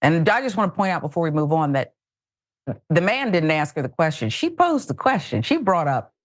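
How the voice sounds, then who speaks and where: A woman's voice: deep voice, very animated, fairly quick, no echo, studio quality. A woman with a Southern American accent hosting political commentary, sarcastic, exasperated and emphatic. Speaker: host.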